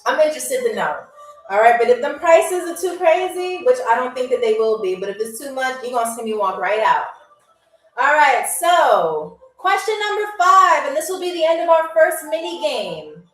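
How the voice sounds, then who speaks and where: A high-voiced woman runs a live trivia game, chatty and upbeat, chatting with viewers as she reads their answers. The sound is roomy and a little distant from the mic, with soft music underneath. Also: sing-song, normal speed. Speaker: game show host. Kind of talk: livestream trivia hosting. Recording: roomy echo, heard from a distance.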